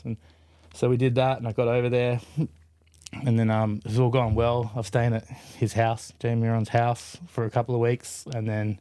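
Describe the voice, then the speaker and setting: A man in his forties with an Australian accent, a podcast guest telling stories in a relaxed, loose way, full of fillers and swearing. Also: medium pitch, moderate pace, clear, resonant tone, no echo. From Adelaide, Australia. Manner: laid-back, heavy on fillers and swearing. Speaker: podcast guest, BMX rider. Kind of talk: casual storytelling.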